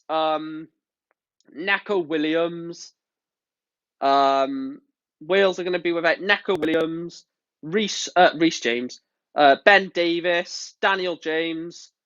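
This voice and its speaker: Guy fuming on a live stream, swearing a lot, fairly high voice, dull dry lo-fi mic. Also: fairly bright tone, clear, resonant tone, no echo. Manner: angry, exasperated, swears often. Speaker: football streamer.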